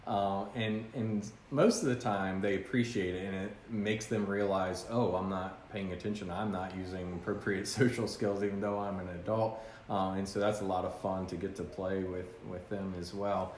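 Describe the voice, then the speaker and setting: Low-voiced guy hosting a podcast, talks things through with lots of ums, echoey room. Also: flat delivery, normal speed, darkish tone. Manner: earnest, reflective, many ums and uhs. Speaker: podcast host. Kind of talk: casual chat. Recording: roomy sound with faint noise.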